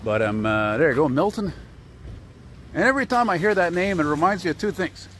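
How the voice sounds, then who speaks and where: A man's voice: fairly high pitch, expressive, fairly quick, fairly bright tone. Man, chatty and digressive, talking to a handheld camera while walking outdoors, light traffic hum. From Canada. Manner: chatty, digressive, filler-heavy. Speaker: vlogger. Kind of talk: rambling walking vlog. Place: outdoor city street.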